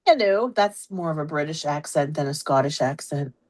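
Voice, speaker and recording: A woman's voice: low-pitched, normal speed, darkish tone. Chatty Pittsburgh woman hosting a live stream. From Pittsburgh, USA. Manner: chatty, greeting viewers by name. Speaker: host of a live stamping stream. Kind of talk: casual live-stream chat.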